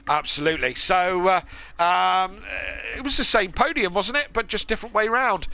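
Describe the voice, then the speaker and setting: A man hosts a live racing stream in a high, sharp voice. He is chatty and keen, filling gaps with ums and uhs. He speaks over a headset mic. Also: normal speed. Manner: chatty, filler-heavy, enthusiastic. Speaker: race broadcast host. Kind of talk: post-race interview commentary.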